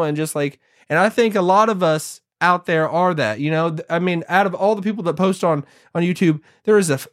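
A man talking casually to his audience as a YouTuber, rambling with frequent restarts and emphatic repeats. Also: high voice. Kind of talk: casual talking-to-camera monologue.

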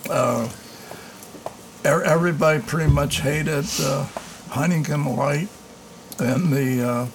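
A man hosting a casual beer tasting with friends at home, talking in a halting way full of fillers and restarts. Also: on the high side, noisy background. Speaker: host.

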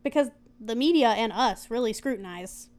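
A woman's voice: a little high, lively intonation, moderate pace, a little mellow. Giggly young woman reading notes aloud. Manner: chatty, giggly, reads aloud then riffs. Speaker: podcast co-host.

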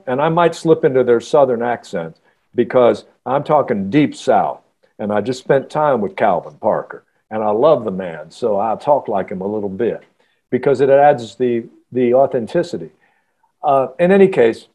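A man, an author guest on a podcast, telling a story in a halting, earnest way with many restarts. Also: medium pitch, lively intonation, mellow. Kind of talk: casual podcast interview storytelling.

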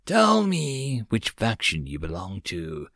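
Man doing a soft, stern female elf, slow questions, dry sound. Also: fairly low pitch, wildly swooping pitch, no room sound, full character voice. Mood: soft, commanding.

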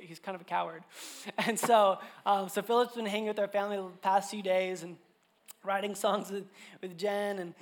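Speaking to a church congregation, this high-pitched pastor in his thirties delivers a sermon built around family anecdotes. His manner is loose and lively, full of filler words.

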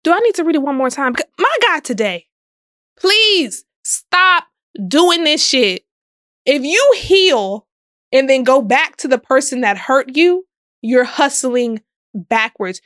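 A woman's voice: sits high, very animated, unhurried, fairly bright tone, no echo, clean studio sound. A young woman hosting a casual commentary podcast, sassy and emphatic, often laughing and drawing out words for stress. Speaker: podcast host. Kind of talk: casual social media commentary.

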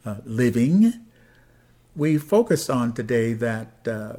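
Measured man, senior minister of a church. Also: mid-range voice, big pitch swings, warm tone. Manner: measured, prayerful, with uh fillers in chat. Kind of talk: sermon and podcast chat.

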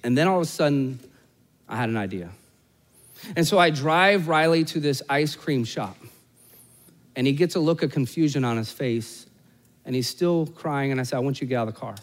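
Speaking in a large hall, this forties-aged pastor tells a family story during his sermon and jokes with the congregation along the way. His fairly high voice has lively intonation at a normal speed, pausing often as it shifts between loud, emphatic moments and quiet, hushed ones.

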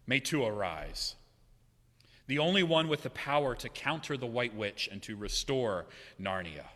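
Man, pastor, sermon, bright forceful voice, long hall reverb, conversational with dramatic hushed drops. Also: fairly high pitch. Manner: conversational, joking, dramatic swings from loud to hushed.

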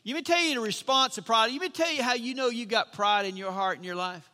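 A man's voice: extremely high pitch, quick pace, bright, forceful tone. A man preaching a sermon as a pastor, emphatic, repeating his lines and asking the congregation questions. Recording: long reverb of a hall.

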